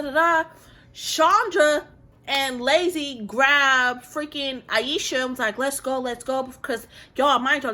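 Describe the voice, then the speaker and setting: Bright, heated woman telling a story. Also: on the high side. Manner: heated, slangy storytelling to viewers. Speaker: vlogger. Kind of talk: storytime vlog.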